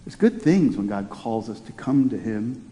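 A man's voice: fairly low pitch, sing-song, moderate pace, warm tone, long reverb tail. A man preaching a sermon in a conversational way, often restarting his phrases. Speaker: pastor.

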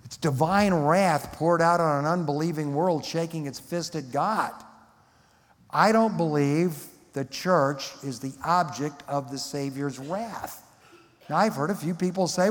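A man's voice: a little high, lively intonation, moderate pace. A man teaching a Bible lecture in a sermon style, emphatic and fond of rhetorical questions. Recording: long hall reverb.

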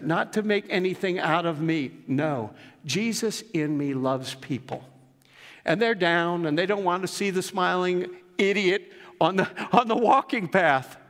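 A man's voice: fairly high pitch, fairly bright tone, long reverb tail. A male pastor delivering a sermon in an earnest, emphatic way, mixing scripture with personal stories. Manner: earnest, emphatic preaching with storytelling asides.

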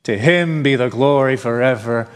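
In a church sanctuary, a male pastor preaches a sermon with earnest emphasis, posing rhetorical questions. His voice is medium-pitched, clear and resonant, at a moderate pace. The long reverb of the church hall carries through the recording.

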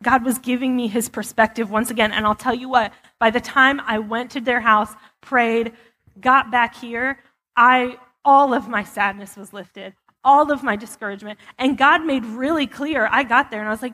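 A woman's voice: a little high, normal speed, sharp tone. A woman giving a personal testimony in a church, talking candidly and casually with lots of fillers. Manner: candid, chatty, many fillers. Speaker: church speaker. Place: church sanctuary. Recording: long hall reverb.

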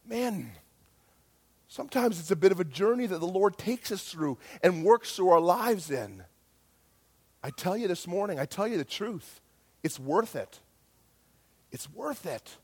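A middle-aged male pastor preaching a sermon with passion, dropping to near-whispers and rising to loud calls. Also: high voice, very animated, measured pace, pauses often, breathy edge. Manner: impassioned, swings from hushed to loud.

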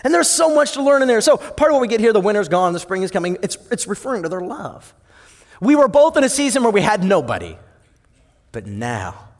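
A male pastor preaching a sermon in an animated way, swinging from loud and lively to soft and low. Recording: long hall reverb.

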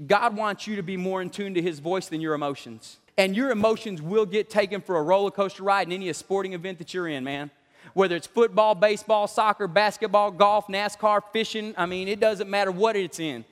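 High-voiced man preaching, hall echo. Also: brisk. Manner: animated, joking, laughs often. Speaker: pastor. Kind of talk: sermon. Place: church sanctuary. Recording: long church hall reverb.

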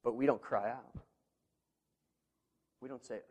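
A man preaching a sermon as pastor, earnest and conversational, swinging between quiet, intimate asides and loud, emphatic passages. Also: medium pitch, fairly even intonation, unhurried. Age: parent of children. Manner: earnest, with conversational fillers and restarts.

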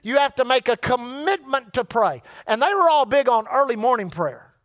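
Man, middle-aged preacher, folksy sermon, very high-pitched, dry close sound. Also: lively intonation, normal speed, a bit bright, dry recording. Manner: folksy, repeats words, calls on the congregation.

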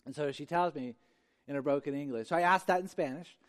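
A man's voice: a little high, quick pace. A male pastor preaching a sermon, emphatic and repeating phrases for effect. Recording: long hall reverb.

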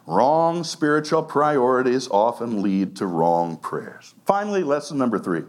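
A man preaching a sermon as pastor, animated, laughing often and acting out quoted lines. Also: mid-range voice, unhurried.

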